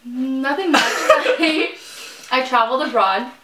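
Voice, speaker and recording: A woman's voice: high-pitched, takes it slowly, a bit bright. A young woman guest in a casual mukbang chat who giggles, teases and asks lots of questions. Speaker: guest vlogger. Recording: echoey room, mic at a distance, faint noise.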